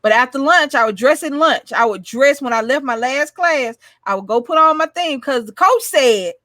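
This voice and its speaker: A woman's voice: high voice, expressive, moderate pace, fairly bright tone, no room sound, studio quality. A woman from Alabama co-hosting a casual chat, joking and bantering animatedly. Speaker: co-host.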